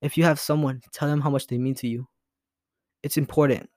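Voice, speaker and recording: A man's voice: mid-range voice, fairly even intonation, a little fast, darkish tone, no room sound, studio quality. A young man hosting his own podcast, talking in a rambling, earnest way with lots of restarts, his voice sometimes breaking with emotion. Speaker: podcast host. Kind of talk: casual solo podcast monologue.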